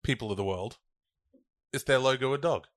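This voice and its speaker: A man's voice: mid-range voice, moderate pace. A man hosting a podcast, wry and mock-indignant, steering the casual banter along. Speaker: podcast host.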